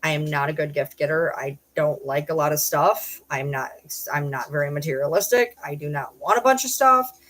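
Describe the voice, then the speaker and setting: A middle-aged woman streamer chatting casually with her viewers, blunt and profane, breaking into loud yells now and then. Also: low voice, normal speed. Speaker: streamer reading chat. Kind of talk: casual live-stream chat.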